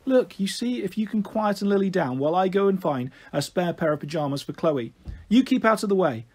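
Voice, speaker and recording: A man voicing a kindly mother who soothes and fusses gently. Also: sits high, lively intonation, a little fast, husky, exaggerated voice. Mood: gentle.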